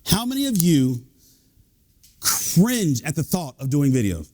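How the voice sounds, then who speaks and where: A man, an executive coach and leadership speaker, giving a lively, joking talk to a live audience. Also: a little high, unhurried. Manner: lively, joking, animated delivery.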